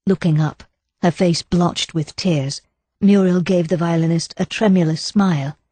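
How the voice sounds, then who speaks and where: A woman narrating a cozy mystery audiobook in an even, measured storytelling style. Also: lowish voice, husky, no room sound. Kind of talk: scripted narration.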